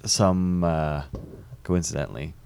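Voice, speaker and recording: A man telling a story in a casual podcast chat, halting with lots of fillers. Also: very deep voice, vocal fry, crowd noise.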